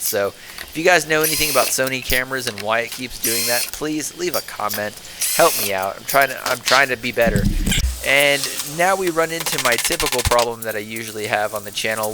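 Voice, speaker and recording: Late at night, a woodturning channel host with a Texan accent and medium-pitched voice gives tired, rambling, self-deprecating voice-over on his project. Heavy background noise fills the recording.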